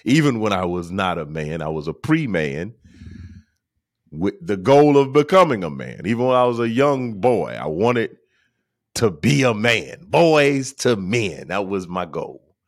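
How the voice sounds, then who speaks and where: Slow, animated man giving advice. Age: adult. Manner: preachy, repeats phrases for emphasis; mocks others in high teasing voices. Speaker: podcast host. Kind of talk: casual monologue.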